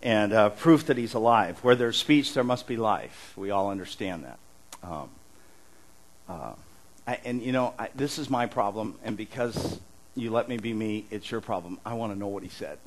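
A man's voice: fairly low pitch, moderate pace, low-quality recording. Middle-aged male pastor preaching animatedly. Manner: animated, repeats and restarts words, chuckles often. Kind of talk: conversational sermon.

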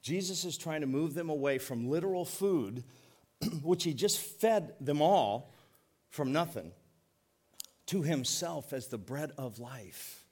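A middle-aged man preaching a sermon as pastor, folksy and joking, leaning on words by slowing down. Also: a little high, animated, darkish tone. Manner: folksy, joking, emphatic preaching with slowed stresses.

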